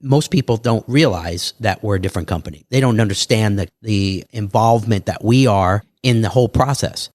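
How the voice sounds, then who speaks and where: A man, an entrepreneur guest on a podcast, talking casually in animated salesman patter and acting out dialogue. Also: fairly low pitch, fairly quick, hardly any pauses, no echo. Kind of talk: casual interview talk.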